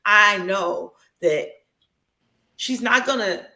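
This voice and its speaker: Bright-voiced woman, swearing and laughing. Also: medium pitch, slow pace, roomy sound, rough recording. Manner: emotional, swears freely, laughs often. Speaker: podcast guest. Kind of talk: casual chat. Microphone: video call.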